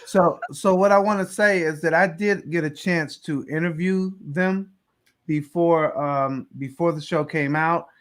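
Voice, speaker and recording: A man hosting a casual roundtable about films and TV, speaking in a relaxed, thoughtful way. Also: on the high side, unhurried. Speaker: show host.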